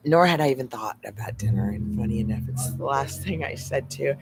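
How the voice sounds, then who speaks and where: A man's voice: medium pitch, animated, a little fast, over music, rough recording. A man live-streaming from a phone outdoors, rambling and swearing, often dropping into a mumbled whisper. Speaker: livestreamer. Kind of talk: casual live stream monologue. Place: outdoors on a street at sunset. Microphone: phone camera.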